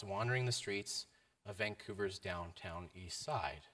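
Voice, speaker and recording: A man giving a sermon, telling a story with varied emphasis and a mid-pitched voice. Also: measured pace, a bit bright. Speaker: preacher.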